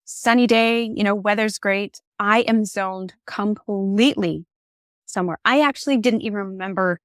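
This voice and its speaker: A woman in her forties, a podcast guest, telling a personal story in an expressive, candid way. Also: medium pitch, normal speed, dry recording, studio quality. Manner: candid and reflective.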